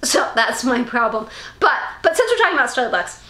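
A middle-aged woman with a high, very lively voice chats casually as a co-host, giggling as she tells stories and slips into other people's voices. The room around her is echoey. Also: fairly quick. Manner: giggly storyteller, acts out quoted voices. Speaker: podcast co-host. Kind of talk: casual chat.

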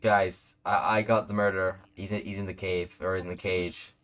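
A young man chatting while playing an online game, loud, laughing and swearing, quick to get excited. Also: low voice. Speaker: gamer. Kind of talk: casual gaming chat.

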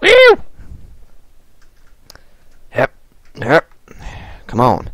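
A man hosting a gaming video with goofy let's-play commentary, and his pitch swings widely. He talks at an unhurried pace, chatting to the on-screen character and repeating the same jokes. The sound is dry and close. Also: wildly swooping pitch, pushed and bright, dry recording.

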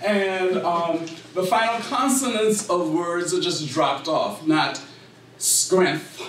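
A man with a South Carolina Low Country accent giving a library talk, quizzing the audience and affirming their answers. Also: slow pace, a bit bright. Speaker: speaker on culture and language. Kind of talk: public talk with audience questions. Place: library meeting room. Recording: roomy echo, distant mic, faint noise.

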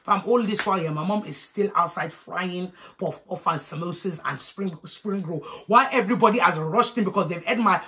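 A young woman, telling a story casually in a vlog, animated and profane, acting out the people in it. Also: lowish voice, moderate pace, hardly any pauses. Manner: animated, profane, acts out every character. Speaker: vlogger.

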